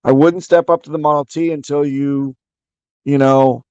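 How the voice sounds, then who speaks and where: A man's voice: a little high, steady tone, moderate pace, a little mellow, clean tone, dry recording, highs cut off. A man talking in a casual online voice chat, making his case at length and restarting his sentences as he goes. His voice is dry and close to the mic, with no room sound around it. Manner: opinionated, explains at length with restarts.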